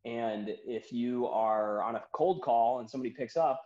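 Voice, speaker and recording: A man's voice: medium pitch, moderate pace, mellow. A man guesting on a podcast as a comedian, talking casually and rambling with many fillers and restarts. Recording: roomy, dull lo-fi sound.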